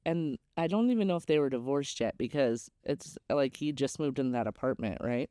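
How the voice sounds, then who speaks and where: A woman's voice: very deep voice, lively intonation, normal speed, warm tone, no room sound, clean studio sound. A young adult woman hosting a podcast, telling a personal story in a candid, chatty way with many "like"s. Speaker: podcast host. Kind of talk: casual storytelling.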